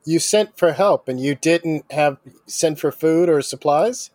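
A man's voice: on the high side, unhurried, a little mellow, dry recording. A man player talking plainly and matter-of-factly in a tabletop game. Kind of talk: casual game chat.

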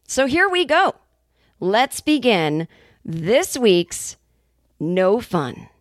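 A woman in her fifties from the Boston area, hosting a comedy podcast in a casual, profane, animated monologue. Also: a little high, extremely slow, dry recording, studio quality. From New England, Boston area. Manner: animated, profane, jokey asides. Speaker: podcast host and stand-up comedian.

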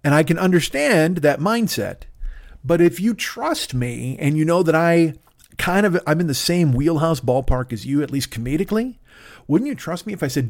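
A man doing a solo comedy podcast from his desk, talking close to a studio mic. He rambles, interrupts himself, and drops sarcastic asides. His voice sits a little higher than most men's. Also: expressive, moderate pace. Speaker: podcast host. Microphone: studio microphone.

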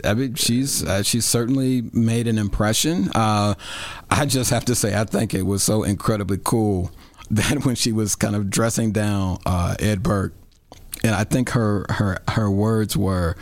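A man, a talk show guest, speaking in a thoughtful, measured way about city politics. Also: on the low side, no room sound. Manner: thoughtful, measured, many fillers and restarts. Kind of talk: casual political chat.

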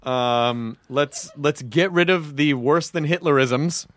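A man's voice: fairly high pitch, slow, fairly bright tone, no room sound. A man hosting a casual comedy podcast, bantering playfully and defending himself with jokes. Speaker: podcast host.

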